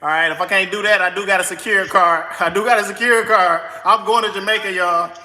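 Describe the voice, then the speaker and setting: Excitable man in an echoey room. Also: high voice. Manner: excitable, rushed, repeats himself constantly. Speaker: host of a credit advice channel. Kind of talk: comic skit applying for a credit card. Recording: echoey room with long reverb.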